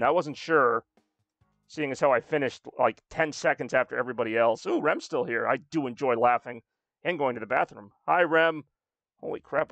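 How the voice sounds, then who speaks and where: A man's voice: medium pitch, gravelly, a bit bright, dry recording, dull audio. Self-mocking male game streamer. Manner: self-deprecating, joking, rambling. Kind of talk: casual live-stream chat while playing.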